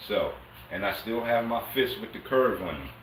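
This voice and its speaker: A man's voice: lowish voice, lively intonation, moderate pace, slight background noise. A man teaching a martial arts lesson on a livestream, talking casually and streetwise and coaxing viewers. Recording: echoey room, mic at a distance.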